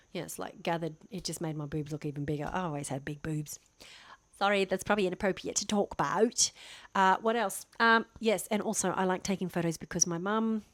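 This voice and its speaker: A woman's voice: fairly low pitch, no echo. A woman in her fifties talking casually to camera, chatty and self-deprecating, rambling with restarts. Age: 50s. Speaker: vlogger.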